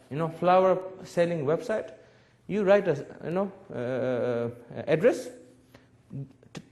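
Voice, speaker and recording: A man's voice: high voice, a little mellow. A man in his forties, a Buddhist teacher giving a public talk in broken English, telling stories and laughing often. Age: 40s. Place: webcast lecture.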